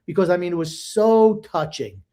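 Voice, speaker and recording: A man's voice: high-pitched, lively intonation, moderate pace, dark tone. An older man co-hosting a sports podcast, blunt and emotional in casual chat. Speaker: podcast co-host.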